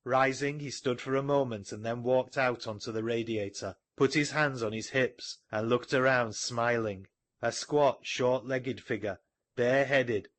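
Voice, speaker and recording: Male audiobook narrator: measured delivery, average pitch, dry close recording. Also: no echo. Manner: measured storytelling. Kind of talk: scripted narration.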